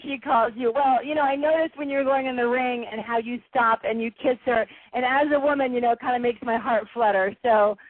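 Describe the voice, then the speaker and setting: A woman hosting a boxing radio show, effusive and quick to laugh. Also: fairly high pitch, steady tone. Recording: tinny phone-like line, dry.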